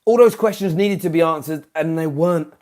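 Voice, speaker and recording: A man with a British accent hosting a football fan channel, ranting live after a match, swinging from shouting to muttering and repeating himself in exasperation. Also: fairly high pitch, a little fast. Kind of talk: live-stream post-match rant.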